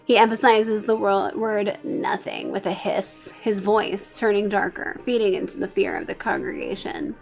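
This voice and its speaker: A woman's voice: mid-range voice, lively intonation, moderate pace, gravelly, few pauses, faint music behind. A woman streaming a game, casually reading its story aloud between chatty asides. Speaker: streamer narrating a life-sim game. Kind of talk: casual let's-play narration.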